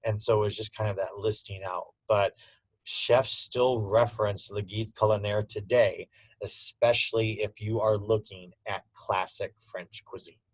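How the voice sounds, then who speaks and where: Low-voiced man giving a culinary lecture. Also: steady tone, unhurried, slightly rough, dry recording, rough recording. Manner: casual, conversational teaching with frequent fillers. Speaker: culinary instructor. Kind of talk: classroom lecture.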